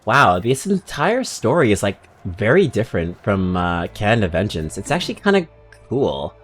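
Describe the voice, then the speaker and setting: A man streaming a video game, giving rambling, casual commentary full of crude jokes and quick asides. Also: lowish voice, very animated, fairly bright tone, soft background music. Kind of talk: casual let's-play commentary.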